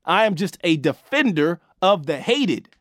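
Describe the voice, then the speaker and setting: A man's voice: high voice, very animated, a little slow, a bit bright, dry recording, clean studio sound. A man hosting a sports talk show, giving emphatic, casual opinions with lots of slang and restarts.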